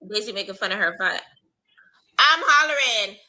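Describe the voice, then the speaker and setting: A woman with a Southern US accent giving casual live commentary on a TV show, animated and slangy, laughing often. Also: mid-range voice, moderate pace. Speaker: live reaction streamer.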